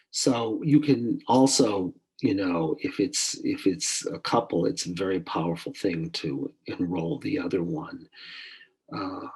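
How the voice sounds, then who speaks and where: Older male therapist, very low gravelly voice, husky, unhurried and reflective, lots of fillers. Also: poor audio. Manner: reflective, halting, many fillers. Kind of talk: teaching monologue with a case story.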